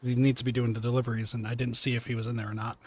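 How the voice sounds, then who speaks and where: Male game streamer, mid-pitched, loose and animated, laughs and curses casually while chatting. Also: rapid-fire, a little hiss or hum. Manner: animated, swears casually, laughs mid-sentence, many "like" fillers. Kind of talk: casual live-stream chat with viewers.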